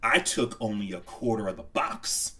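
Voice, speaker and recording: Recorded from a distance, this man has a lowish voice and speaks at normal speed. As a co-host on a laid-back movie podcast, he tells stories with lively acted-out quotes and frequent laughter.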